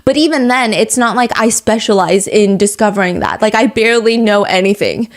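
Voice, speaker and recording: A young adult woman hosting a true crime podcast, telling the story in a fast, animated, breathless way. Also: mid-range voice. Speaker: podcast host.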